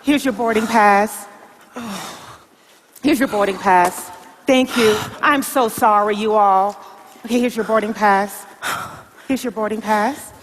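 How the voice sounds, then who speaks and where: A woman's voice: medium pitch, a little slow, pauses often, long reverb tail, a little hiss or hum, close to an everyday voice. A woman playing an airline check-in agent who exclaims and coaxes with preachy encouragement in a motivational comedy skit. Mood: flustered.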